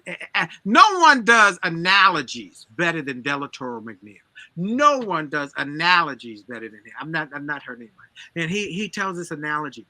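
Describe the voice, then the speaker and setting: Emphatic man in bright, preacher-like motivational flow. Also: a little high, dry recording. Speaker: motivational speaker guest. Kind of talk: energetic motivational storytelling.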